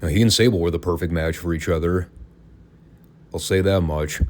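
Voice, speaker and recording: A man with a notably deep, low voice hosts a casual podcast review. He talks in an opinionated, sarcastic way, tossing in wry asides as he goes. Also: normal speed, darkish tone. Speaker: podcast host. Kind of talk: casual wrestling review commentary.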